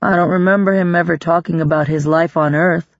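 A man's voice: fairly high pitch, steady tone, brisk, no room sound, dull audio, close to an everyday voice. A reader voicing a wry man who makes irreverent jokes. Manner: wry, joking. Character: man, crew member, joking and irreverent.

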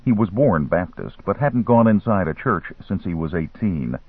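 Husky male audiobook narrator, tinny line. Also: on the low side, very animated, moderate pace, dry recording. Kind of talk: scripted novel narration. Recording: tinny phone-like line, dry.

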